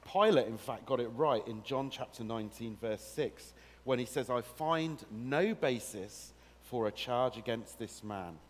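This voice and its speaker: A man delivers a sermon in a middle-pitched voice, swinging from quiet, slow emphasis to animated storytelling as he addresses the congregation directly. His voice rings out with a long reverb from the church hall around him. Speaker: preacher.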